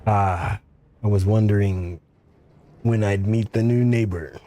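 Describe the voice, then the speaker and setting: Man reading a cultured game tinkerer, pleasant, courteous, low dark voice, faint music behind. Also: steady tone, lightly acted. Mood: polite. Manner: courteous, measured, faintly ironic. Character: cultured polite male tinkerer in trench coat.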